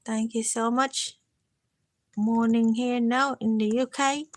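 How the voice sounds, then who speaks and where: Tired high-voiced woman, slow and coaxing. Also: steady tone. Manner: gentle, coaxing, repeatedly addressing a listener by name; chatty and self-mocking, with frequent laughs. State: tired from lack of sleep. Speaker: livestreamer. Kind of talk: casual live-stream chat.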